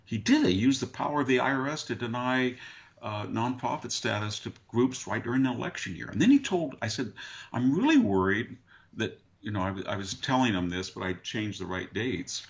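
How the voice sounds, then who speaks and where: An older man appears as a talk show guest, conversationally spinning long, dry anecdotes and slipping into other people's voices to quote them mid-story. His medium-pitched voice moves a little fast and has vocal fry. The remote audio sounds dull and lo-fi.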